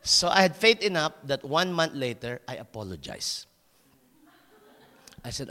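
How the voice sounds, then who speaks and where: A man preaching a sermon as a pastor, telling a personal story in an animated way, laughing at himself and stumbling over restarts. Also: medium pitch, moderate pace, long pauses, big-room sound.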